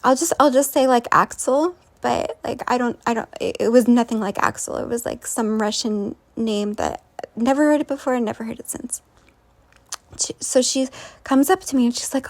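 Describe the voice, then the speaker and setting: Woman, casual storyteller, high voice, rambling, full of fillers. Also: moderate pace. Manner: rambling, many fillers and restarts. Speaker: vlogger.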